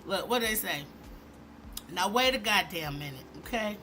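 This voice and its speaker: A woman hosting a commentary vlog, talking in an animated, emphatic and sarcastic way. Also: medium pitch, moderate pace, heavy background noise. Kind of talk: opinionated commentary.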